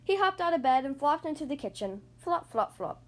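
A woman hosting a podcast, reading a children's picture book aloud in an expressive, sing-song storytelling voice. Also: high-pitched, fairly quick.

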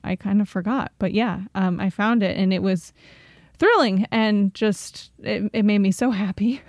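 Young woman podcast co-host, chatty and bright, higher voice, dry close sound. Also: no room sound. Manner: chatty, laughs often, upbeat. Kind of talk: casual chat.

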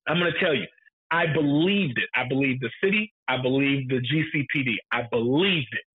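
A man's voice: medium pitch, fairly quick, husky. A man in casual film discussion, talking emphatically, repeating his points for effect and swearing freely. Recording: tinny phone-like sound.

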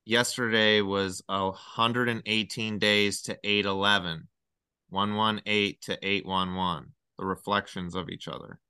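A man talking as a podcast guest in casual chat, rambling excitedly through one number theory after another. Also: fairly low pitch, a little slow, smooth, no echo, studio quality.

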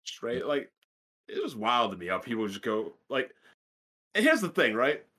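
A man's voice: medium pitch, sing-song, moderate pace, pushed and bright. A man, co-hosting a casual podcast and telling a blunt, profane story. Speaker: podcast co-host.

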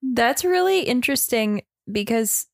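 High, lively laughing woman co-host. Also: unhurried, gravelly. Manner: laughs a lot, short reactions. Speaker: podcast co-host. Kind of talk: casual podcast chat.

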